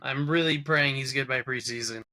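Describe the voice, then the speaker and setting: A man's voice: medium pitch, normal speed, bright, forceful tone. A man with a New York accent hosting a casual sports podcast, ranting with heavy profanity. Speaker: podcast host.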